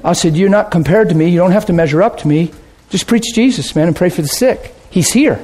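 A man preaching a sermon and telling stories, swinging from loud excitement to hushed, quiet asides. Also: high-pitched, brisk. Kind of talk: sermon storytelling.

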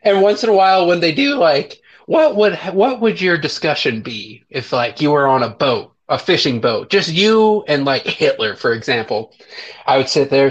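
Young male co-host, crude joker, dull lo-fi recording. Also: mid-range voice. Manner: crude, swears freely, laughs at own jokes. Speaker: podcast co-host. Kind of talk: casual joking chat. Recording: dull lo-fi sound.

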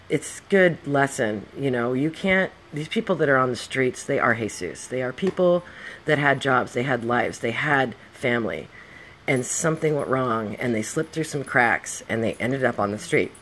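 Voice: mid-range voice, a bit bright, a little hiss or hum. A middle-aged podcast host and hairdresser telling stories in a casual monologue, blunt and profane with heated outbursts.

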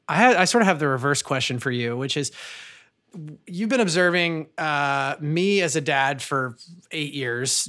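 A man co-hosting a podcast, talking in a casual, animated and self-deprecating way. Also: mid-range voice. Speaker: podcast co-host. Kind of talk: casual chat.

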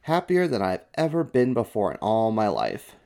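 A plucky little mouse sailor speaks up eagerly and politely, his voice lifted and lively, as a male storyteller puts him on. The pitch bounces widely over a low base. It is a storybook character read aloud for children. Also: normal speed, gravelly, heavily acted. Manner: bright, eager, raised voice.

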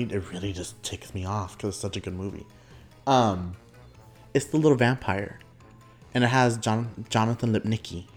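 A young adult man tells a story in a loose, chatty podcast monologue. His pitch jumps around a lot, and he breaks into laughter and acts out what people said. Faint music plays underneath. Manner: animated, laughs often, acts out quotes. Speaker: podcast host.

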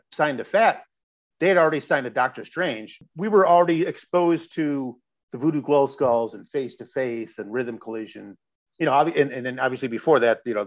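A middle-aged man from Chicago, a musician guest telling a long story in a loose, rambling way, restarting his sentences and swearing now and then. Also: medium pitch. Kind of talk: casual storytelling interview.

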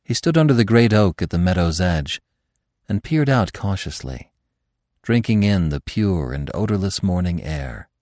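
A man with a very deep voice narrates a classic tale, letting his pitch rise and fall widely. He tells the story expressively, and the recording is dry and close. It is an audiobook reading. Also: very animated, normal speed, darkish tone, no echo.

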